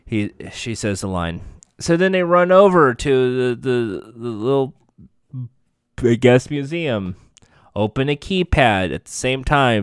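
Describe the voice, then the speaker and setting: A man's voice: mid-range voice, animated, measured pace, smooth, dry recording. A man giving a casual, profane, sarcastic recap of a TV episode, rambling as he goes. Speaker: show recapper.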